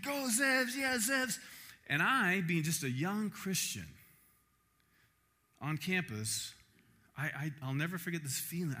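A middle-aged man preaching a sermon, telling a personal story in an animated way and acting out the crowd. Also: a little high.

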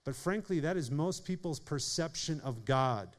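A man preaching a sermon in an earnest way, speeding up and slowing down for emphasis and calling on listeners by name. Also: on the high side, lively intonation. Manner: earnest preaching, shifting pace and volume for emphasis. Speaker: pastor.

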